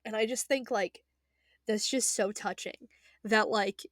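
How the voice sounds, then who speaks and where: A woman's voice: medium pitch, fairly even intonation, measured pace, no room sound, clean studio sound. A young woman in a casual, emotional rant as an anime fan, passionate and rambling, swearing freely and trailing off into fillers.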